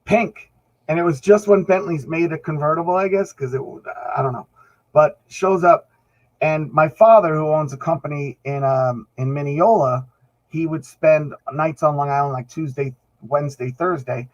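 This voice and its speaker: A man's voice: fairly high pitch, normal speed, lo-fi sound. New man telling a rambling story. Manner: rambling anecdotes with acted-out quotes. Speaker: podcast guest, band musician. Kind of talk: casual storytelling chat.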